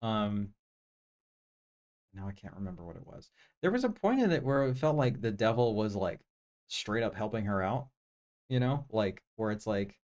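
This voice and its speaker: A man's voice: on the low side, very animated, normal speed, a little mellow. A man hosting a live stream, casually reviewing movies in a rambling, laid-back way full of fillers. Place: home room with projector.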